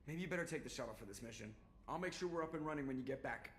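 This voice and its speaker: A man's voice: mid-range voice, animated, a bit bright, a little hiss or hum, natural voice. An actor voicing a wisecracking, sarcastic male starship pilot in a video game. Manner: sarcastic, quick.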